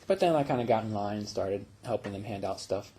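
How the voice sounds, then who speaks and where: A man who teaches meditation, telling personal stories in a relaxed, reflective way, with fillers and small laughs. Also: fairly low pitch, fast, slight background noise. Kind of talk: casual spiritual talk.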